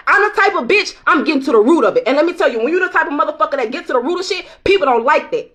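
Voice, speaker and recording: High-voiced woman giving a blunt, profane pep talk. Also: sing-song, very fast, hardly any pauses, a bit bright. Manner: blunt, profane, emphatic, laughs often. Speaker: tarot reader. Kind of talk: casual tarot vlog pep talk.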